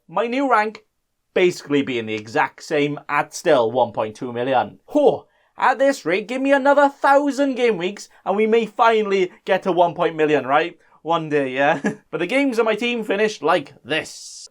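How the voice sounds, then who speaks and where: A young man hosting a fantasy football vlog, sarcastic and self-mocking, often arguing back at himself. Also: high voice. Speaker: fantasy football channel host. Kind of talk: casual vlog commentary.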